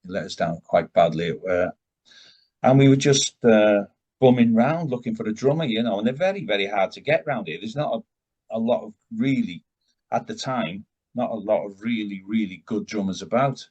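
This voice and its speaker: A man's voice: lowish voice, lively intonation, moderate pace, a little mellow, breathy edge, dull audio. An older man, a rock vocalist, telling long rambling anecdotes as an interview guest, with frequent restarts and tangents. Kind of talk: casual storytelling interview.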